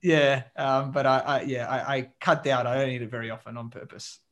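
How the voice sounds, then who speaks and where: A man in a casual interview, answering with many pauses and restarts. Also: medium pitch, steady tone, a bit bright. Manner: hesitant, many ums and restarts. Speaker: guest, coach and mentor.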